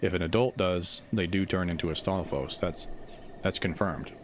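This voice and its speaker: A man chatting casually on a livestream as host, rambling in an animated, self-mocking way and answering viewer comments. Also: deep voice, normal speed, slight background noise. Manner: reads viewer comments aloud and answers them. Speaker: Zelda theory YouTuber streaming.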